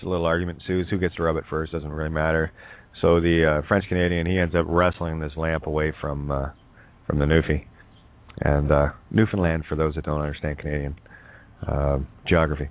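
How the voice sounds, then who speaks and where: A man's voice: low-pitched, dry recording. A man giving a casual spiritual talk on a call-in show, rambling with many fillers and checking in with "right?". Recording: tinny phone line, dry.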